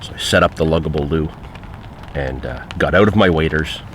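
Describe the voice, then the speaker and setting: Deep-voiced man telling a fishing story. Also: brisk, background noise. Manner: conversational, frequent fillers. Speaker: angler recounting a trip. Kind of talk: casual spoken anecdote.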